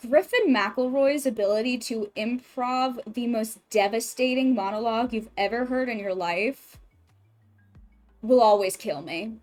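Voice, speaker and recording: A woman livestreaming from home, chatting in an emotional, expressive way and swearing freely. Her voice sits a little high, and faint music plays underneath. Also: a little slow. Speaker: streamer. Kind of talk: casual livestream chat.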